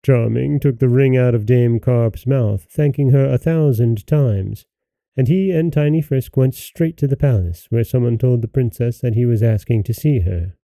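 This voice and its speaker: A man hosting a podcast, reading a fairy tale aloud in a calm, measured way. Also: medium pitch, gravelly, no room sound. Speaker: podcast host and storyteller.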